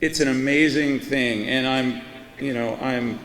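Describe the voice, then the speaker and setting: A man's voice: medium pitch, steady tone, unhurried, a bit bright. A middle-aged man from Florida giving a hall of fame acceptance speech, telling a story loosely with lots of fillers. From Florida, US East Coast. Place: ceremony hall on a PA system. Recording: echoey hall with a long reverb tail, faint room noise.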